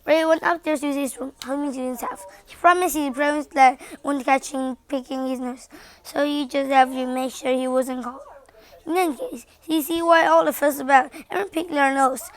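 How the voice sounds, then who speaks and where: A woman with a Mandarin-speaking background reading a children's bedtime story aloud in English, halting at times with slips and restarts. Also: high-pitched, steady tone.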